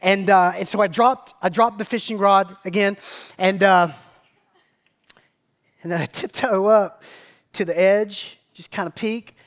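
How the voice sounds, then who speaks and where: A man with a drawl preaches from the pulpit in a fairly high voice. He tells his story in an animated, rambling way, doubling back on his words. He keeps checking in with the congregation as he goes. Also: measured pace, pauses often. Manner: animated, repeats words, asks the crowd questions. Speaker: pastor. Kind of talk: storytelling sermon.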